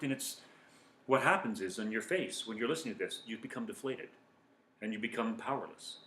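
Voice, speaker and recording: A man giving calm, earnest self-help advice as a coach speaking to viewers. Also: medium pitch, fairly quick. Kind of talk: motivational talk to viewers. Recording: echoey room.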